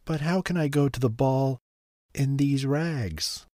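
A man voicing a gentle, tearful young woman from a storybook, speaking softly with a hopeful plea. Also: medium pitch, unhurried, no echo, studio quality, voice pushed up, lightly acted. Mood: amazed. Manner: soft, tearful pleading.

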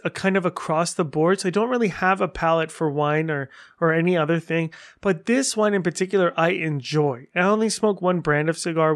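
A man hosting a solo podcast, chatting in an animated, rambling way and gushing as he tells stories. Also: fairly high pitch. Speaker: podcast host. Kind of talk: casual solo podcast update.

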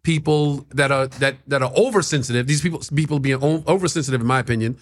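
A middle-aged man, a stand-up comedian appearing as a guest, talking casually in emphatic, quick bursts and mimicking other people. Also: mid-range voice. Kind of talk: casual chat.

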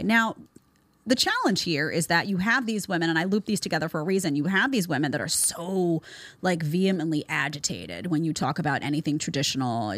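Blunt, sarcastic woman host, low voice. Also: dry recording. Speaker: commentary show host. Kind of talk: opinionated commentary.

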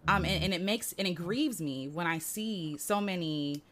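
A woman's voice: fairly low pitch, normal speed, fairly bright tone. Chatty woman hosting an interview. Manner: chatty, uses filler "like" and "right?" often. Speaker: podcast host. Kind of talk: casual conversational interview.

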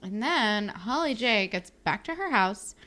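A woman's voice: medium pitch, animated, unhurried, sharp tone. A young woman co-hosting a casual chat, recapping a TV episode with laughs and dry asides. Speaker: podcast co-host.

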